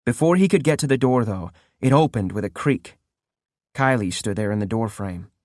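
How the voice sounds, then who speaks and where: A male audiobook narrator telling a grim story with lively rises and falls in pitch. The recording is close and dry, with no room sound. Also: moderate pace, dry recording. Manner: steady first-person storytelling.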